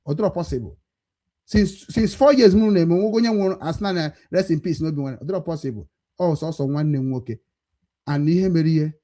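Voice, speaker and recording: A man with a Nigerian Igbo accent, leader of a foundation, giving a forceful, combative monologue that switches between Igbo and English. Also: high voice. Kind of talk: impassioned monologue.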